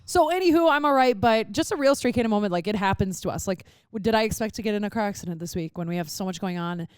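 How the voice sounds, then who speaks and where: A woman's voice: mid-range voice, quick pace, darkish tone, smooth, dry recording, studio quality. A young woman in her twenties co-hosting a podcast in casual chat, telling a story with swearing and acted-out reactions. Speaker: podcast co-host.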